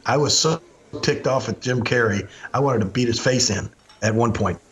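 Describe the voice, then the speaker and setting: A man's voice: medium pitch, moderate pace. An older man hosting a podcast, telling a story in a casual way and acting out the lines of the people in it. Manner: animated anecdote-telling, acts out quoted lines. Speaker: podcast host.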